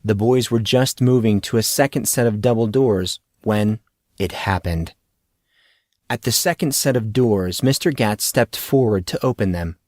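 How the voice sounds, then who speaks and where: A man narrating a fantasy audiobook with a steady storytelling delivery, on a close studio mic. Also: lowish voice, a little slow, dry recording. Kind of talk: scripted narration.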